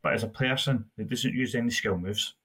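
A man's voice: medium pitch, a little fast, bright, forceful tone, breathy edge. A man co-hosting a casual gaming podcast, rambling through player stats with frequent restarts. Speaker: podcast co-host.

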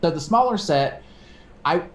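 A man's voice: fairly high pitch, unhurried. Guy telling a story on a podcast, voice jumps all over, echoey room. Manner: animated, acts out quoted voices, swears casually. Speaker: podcast co-host. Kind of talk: casual storytelling chat.

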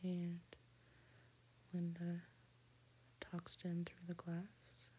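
A woman slowly retelling a cartoon story in a soft whispered role-play. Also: lowish voice, completely flat delivery, a little hiss or hum. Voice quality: breathy whisper.

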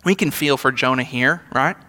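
A man's voice: medium pitch, normal speed, bright, forceful tone. A young adult man, a senior pastor, preaching a sermon in a conversational, emphatic way with rhetorical asides. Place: church sanctuary. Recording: long hall reverb of a church sanctuary.

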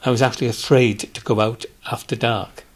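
Welsh Valleys man, husky, animated storyteller with restarts. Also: medium pitch, brisk. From Wales. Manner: animated storyteller, hesitant restarts, does voices. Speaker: guest. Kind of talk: casual chat.

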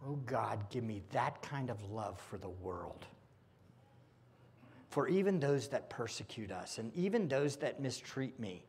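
Husky pastor, whispers to exclamations. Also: male voice, medium pitch, expressive, unhurried. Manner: swings from hushed whispers to loud emphatic exclamations. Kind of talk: sermon. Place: church sanctuary.

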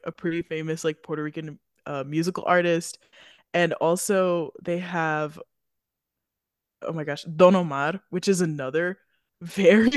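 A woman's voice: fairly low pitch, no echo, clean studio sound. A woman co-hosting a film podcast, chatting casually, rambling with fillers and giggling often. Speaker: podcast co-host. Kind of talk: casual chat.

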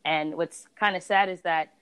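Chatty woman telling stories, lively. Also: on the low side, moderate pace, clear, resonant tone. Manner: animated storytelling, acts out others' voices. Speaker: beauty reviewer and blogger. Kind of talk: casual conversation.

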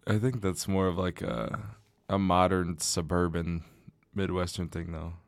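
A young man chats casually on a podcast and laughs often as he talks. His voice is fairly low. It is recorded close and dry, with no echo. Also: measured pace, creaky. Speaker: podcast co-host. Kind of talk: casual chat.

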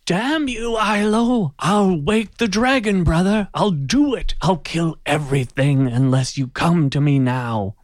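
A man's voice: measured pace, few pauses, dry recording, clean studio sound, natural voice. A man voicing an unhinged, screeching male creature villain in a tabletop game. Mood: furious. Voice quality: screeching, shrill.

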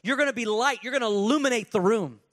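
A man with a high voice preaching a lively sermon. He talks casually, drops into put-on voices and shouts lines from off the mic. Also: quick pace. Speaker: pastor.

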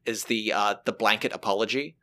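A man's voice: fairly low pitch, steady tone, fairly quick, bright, forceful tone. A man with a New Zealand accent hosting a casual podcast chat, talking animatedly about comedy shows. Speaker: podcast host.

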